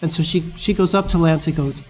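High-voiced male preacher, chatty sermon. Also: fairly quick, rough recording. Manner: conversational, storytelling with asides.

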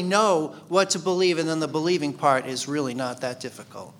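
A man's voice: on the high side, fairly even intonation, fairly quick, hardly any pauses, a bit bright. A man teaching a Bible study sermon in a conversational way, asking his listeners questions. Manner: conversational, asks the congregation questions.

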